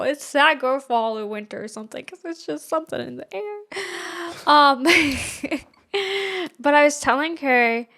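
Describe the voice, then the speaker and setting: A woman's voice: high voice, pushed and bright. A young adult woman co-hosting a podcast in casual chat, talking with many fillers and frequent laughs. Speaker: podcast co-host.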